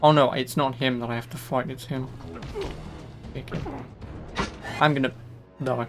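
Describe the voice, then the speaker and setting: Chatty streamer, swearing freely. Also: male voice, medium pitch, fairly even intonation, moderate pace, music in the background. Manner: chatty, swears, jokes about the game. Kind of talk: casual gameplay commentary.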